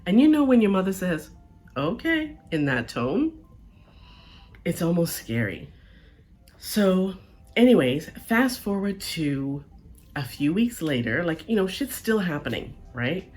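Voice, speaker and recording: Over soft background music, a woman with a somewhat low voice recounts a personal story at a measured pace. She's chatty, animated and casual, regularly checking in with a "right?" or an "okay?".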